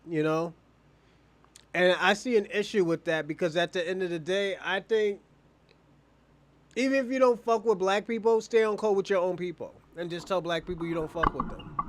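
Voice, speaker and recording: A man with a noticeably high speaking voice co-hosts a livestream in loose, casual chat. He rambles, swears freely and keeps restarting his sentences. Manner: rambling, profane, restarts a lot.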